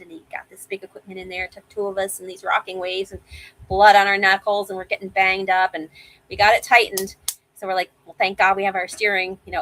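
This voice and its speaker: A woman in her fifties telling sailing stories as a guest over a video call, animated and vivid. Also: medium pitch, rough recording. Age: 50s. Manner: animated storyteller, acts out quoted voices. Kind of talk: casual interview storytelling.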